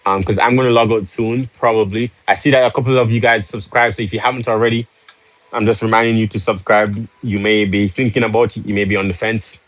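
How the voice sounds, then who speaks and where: A man's voice: on the low side, little pitch movement, quick pace, rough recording. A man hosting a live stream, casual and pushy, urging viewers with rhetorical questions and joking with the chat. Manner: salesy, pushy, laughs easily. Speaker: livestream host.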